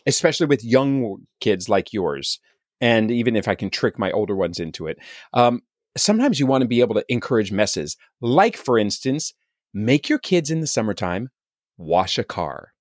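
A man co-hosting a parenting podcast in casual chat, rambling and gentle. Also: mid-range voice, expressive, normal speed, no room sound, studio quality. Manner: rambling, restarts, gentle and chatty. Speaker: podcast co-host.

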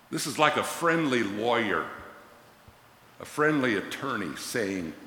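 A man preaching in a church sanctuary, his bright, forceful voice ringing through a large echoey hall. He delivers his sermon with animated, dramatic bursts as he quotes scripture. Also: mid-range voice, measured pace. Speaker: pastor.

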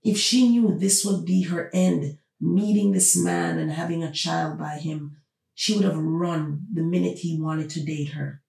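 A woman's voice: sits low, steady tone, a little slow, vocal fry, darkish tone. A woman hosting a podcast, talking through her opinions with emphatic, repeated rhetorical questions. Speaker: podcast host. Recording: roomy, distant from the mic.

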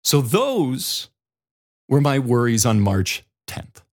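A man's voice: mid-range voice, slow. Man with a Dakota accent hosting a podcast. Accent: American, Dakota. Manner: self-deprecating, animated storytelling. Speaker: podcast host. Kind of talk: casual solo podcast talk.

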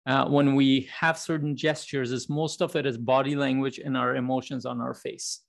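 A man's voice: medium pitch, level tone, moderate pace, gravelly. A man in his thirties hosting a podcast, talking in a casual, rambling way with frequent restarts. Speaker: podcast host.

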